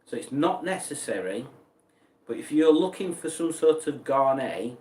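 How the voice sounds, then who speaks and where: A man's voice: mid-range voice, sing-song, normal speed, darkish tone, distant mic. Mock-outraged man, echoey. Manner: rambling, mock-outraged, chuckling. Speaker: streamer reading chat. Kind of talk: casual livestream chat. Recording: echoey room, voice from off mic.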